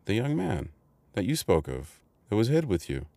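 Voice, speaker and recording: A man's voice: lowish voice, huge pitch swings, moderate pace, creaky, warm tone, dry recording, clean studio sound, pitched above the performer's own voice, exaggerated voice. A man voicing a timid, polite young boy in a raised voice.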